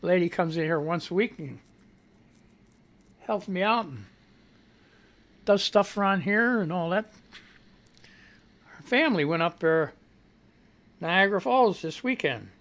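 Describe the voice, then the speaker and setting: A man hosting a casual live radio show, rambling loudly and swearing freely from a home studio. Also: high voice, animated, a little slow, pauses often. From United States.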